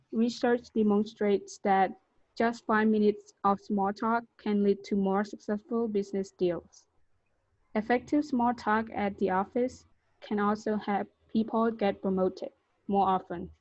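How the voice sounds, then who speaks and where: Female student reading a passage aloud, very slow and deliberate, dry close sound. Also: mid-range voice, fairly even intonation, a little mellow, dry recording, lo-fi sound. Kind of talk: reading a text aloud in class. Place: video call.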